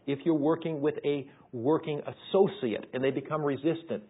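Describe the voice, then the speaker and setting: Pastor guy preaching, chatty and earnest, kinda husky, tinny phone-like sound. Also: mid-range voice, moderate pace, hardly any pauses. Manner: earnest, conversational preaching, asks the audience questions. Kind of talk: sermon.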